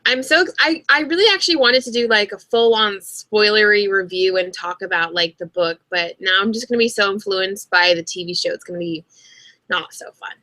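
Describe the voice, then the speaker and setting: A young woman co-hosting a casual livestream chat, relaxed and chatty. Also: medium pitch, fairly quick, no echo. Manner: relaxed and chatty, short replies. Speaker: co-host of a book and TV chat livestream.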